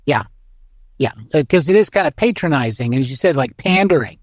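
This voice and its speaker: A man hosting a casual political talk show, agreeable and quick to chime in with assent. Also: fairly high pitch, lively intonation, no room sound, clean studio sound. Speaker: show host.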